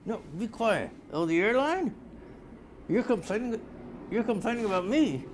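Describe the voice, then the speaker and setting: A man's voice: high voice, animated, moderate pace, slight background noise. An older man in a rambling, blustery comedic monologue, easily sidetracked and arguing with imagined callers. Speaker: comedy character newscaster.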